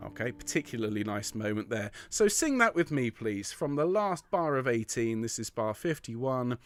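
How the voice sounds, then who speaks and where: A man's voice: mid-range voice, big pitch swings, moderate pace, a bit bright. A man leading an online choir rehearsal, explaining bars, counting in, and singing the lines with encouragement. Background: piano.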